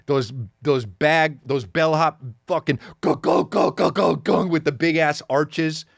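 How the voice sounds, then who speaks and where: A man in his thirties, a podcast host, telling a comedic story in a profane, animated rant full of repeated words and sound effects. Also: fairly high pitch, a little slow, creaky, no echo, studio quality. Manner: acts out sounds and quotes.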